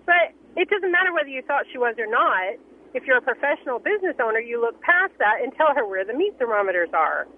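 A woman's voice: on the high side, very animated, fast talker. Woman caller pressing with incredulous questions, over a tinny phone line with faint hiss.

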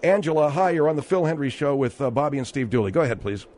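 A man's voice: fairly high pitch, expressive, fast talker, darkish tone. A man hosting a call-in radio talk show, questioning his guests pointedly and with disbelief.

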